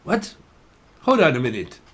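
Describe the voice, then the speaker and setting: A man putting on a mock Russian accent to voice an excitable, confused foreign man who speaks halting broken English. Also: mid-range voice. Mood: bewildered.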